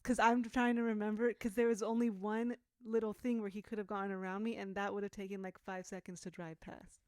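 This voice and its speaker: A young woman co-hosting a podcast in casual chat, playful and quick to tease and laugh. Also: medium pitch, flat delivery, dry recording, clean studio sound. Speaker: podcast co-host.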